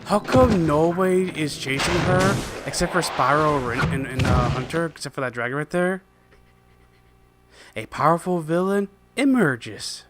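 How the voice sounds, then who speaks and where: An enthusiastic man gives chatty commentary while playing a video game, talking directly to his viewers. His voice sits a little high, and clear game music plays beneath him. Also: normal speed, few pauses. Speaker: let's-play host.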